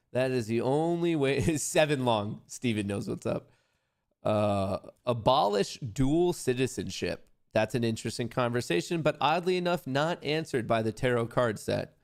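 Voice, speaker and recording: Trading stocks on a live stream, a man talks casually to his viewers and mutters anxious questions to himself over and over, occasionally dropping almost to a whisper. His voice is medium-pitched with vocal fry.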